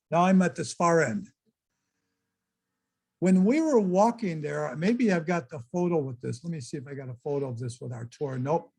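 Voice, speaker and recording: A man's voice: a little high, gravelly, darkish tone, breathy edge. An older man giving a casual, chatty slideshow talk and exclaiming to his audience as presenter. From United States.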